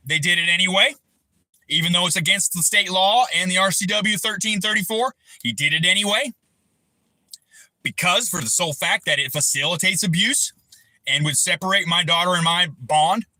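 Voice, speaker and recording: A man in his thirties hosting a livestream, ranting angrily and profanely, breaking into shouted bursts. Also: sits high, no room sound, rough recording. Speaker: livestream host. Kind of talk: angry personal rant on a livestream.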